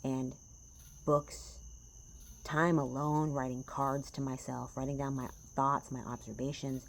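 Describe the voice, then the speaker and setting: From home in a small house in the woods, a tarot reader vlogs to her viewers in a passionate, rambling, profane way. Her very deep voice barely moves in pitch and she speaks unhurriedly, with a little hiss or hum in the recording.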